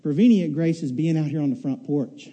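High-voiced, mellow storytelling male pastor. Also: fairly quick. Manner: folksy storytelling, repeats words. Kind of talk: sermon.

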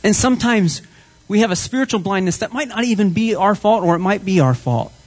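A male pastor preaching a sermon, dramatic, swinging from soft whispers to loud cries. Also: high voice, lively intonation, fairly quick.

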